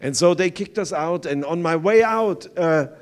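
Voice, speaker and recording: Speaking at a fairly high pitch, an older German-accented visiting pastor shares an earnest testimony during a sermon. He stumbles through English with many fillers.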